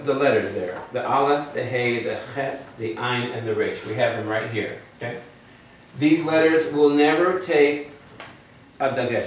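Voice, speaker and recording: A man's voice: medium pitch, slight background noise. Man teaching a class in a roomy hall. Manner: patient, asks the class questions. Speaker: Hebrew teacher. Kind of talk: classroom lecture. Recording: echoey room from far off.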